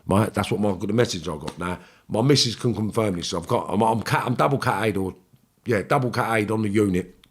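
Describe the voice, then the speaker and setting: Man, London accent, lowish voice, blunt storyteller, swears a lot, acts out dialogue. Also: brisk, breathy edge. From England. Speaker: podcast guest. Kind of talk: storytelling in casual chat.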